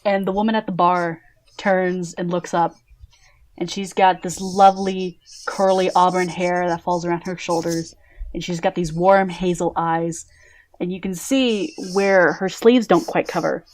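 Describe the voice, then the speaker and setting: A woman's voice: fairly low pitch, steady tone, unhurried. A woman running a tabletop game as game master, narrating scenes in a casual, descriptive way with many fillers.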